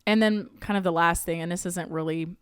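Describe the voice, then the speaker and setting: A woman's voice: fairly low pitch, fairly even intonation, brisk, smooth, no echo, studio quality. A young woman co-hosting a podcast, chatting casually about a film, rambling and often questioning herself as she acts out her own reactions. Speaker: podcast co-host. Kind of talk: casual movie review chat.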